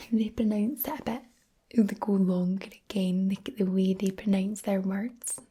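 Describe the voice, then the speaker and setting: A woman from Fife with a Scottish accent, whispering softly and chattily for an ASMR video. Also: medium pitch, fairly even intonation, slow pace, slight background noise. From Scotland. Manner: soft unvoiced whispering, chatty and explanatory. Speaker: ASMR creator.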